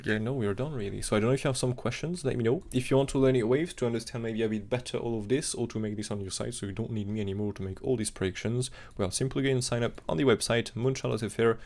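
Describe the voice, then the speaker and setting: During a live-stream technical analysis chat, a male crypto streamer rattles through charts in a fast, gravelly voice of medium pitch that's a little mellow. He rambles, using fillers and non-native phrasing.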